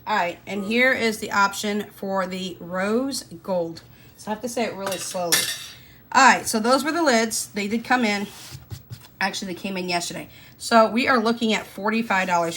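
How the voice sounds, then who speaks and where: A woman's voice: medium pitch, background noise. Chatty woman counting cash. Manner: chatty, folksy, addresses viewers directly. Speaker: budgeting vlogger. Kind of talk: casual chat to camera.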